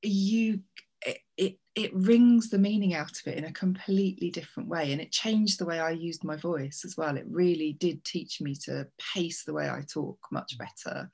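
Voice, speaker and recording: A woman author talking on a video call in a low voice with a creaky, gravelly texture. She calls herself a natural gabbler, talks quickly and laughs often. The sound is that of a home video call. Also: a little mellow. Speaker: author guest. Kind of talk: reading aloud and casual interview chat.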